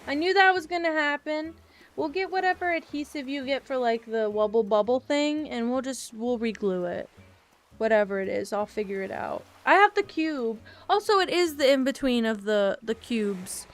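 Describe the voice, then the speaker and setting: Young woman, rambly gaming vlogger, bright higher-pitched voice, casual and chatty. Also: expressive, normal speed. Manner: rambling, chatty, repeats silly words. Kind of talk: casual chat while gaming.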